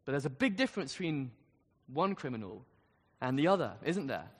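An earnest male preacher with a high, lively voice that swings up and down as he presses his questions. His words ring out with a long reverb, as if from a large hall. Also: fairly quick, slightly rough. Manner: earnest, rising to emphatic questions. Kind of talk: sermon.

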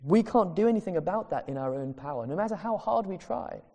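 A man preaches a sermon earnestly and emphatically, drawing out the phrases he wants to land. His voice is dark and mellow yet sits high, with vocal fry and an animated, quick pace, while long reverb from a large church hall rings behind every line.

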